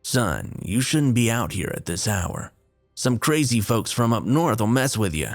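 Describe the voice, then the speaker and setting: A man voicing a kind but stern fishing guide in his forties, with a Southern Florida accent and a gruff, fatherly, folksy way of talking. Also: medium pitch, big pitch swings, a little slow, soft background music. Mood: scolding. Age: 40s.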